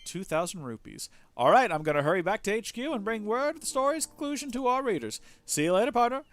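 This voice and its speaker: A man's voice: sits high, very animated, fast, pitched above the performer's own voice. A man reading game dialogue aloud as a chummy, enthusiastic male newspaper reporter who keeps calling the player "partner". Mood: eager. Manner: bouncy and enthusiastic, says "partner" often.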